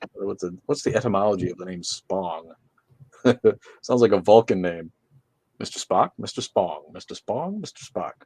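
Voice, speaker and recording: Sarcastic, swearing livestream host. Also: male voice, low voice, warm tone, husky, no room sound. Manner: sarcastic, joking, swears freely. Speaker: livestream host reading chat comments. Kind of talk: casual profane livestream chat. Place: his room.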